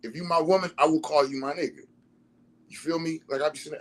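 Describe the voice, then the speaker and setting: A man's voice: fairly high pitch, fast talker. Laid-back man telling stories. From Detroit, USA. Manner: relaxed, laughing, slangy, many restarts. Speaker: vlogger. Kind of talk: casual storytelling monologue.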